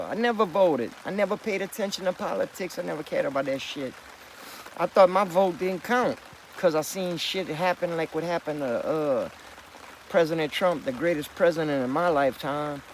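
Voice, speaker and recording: A middle-aged man rambles insistently to camera, swearing freely. His voice sits a bit high for a man. Faint rain can be heard behind him. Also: slight background noise, rough recording. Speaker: vlogger.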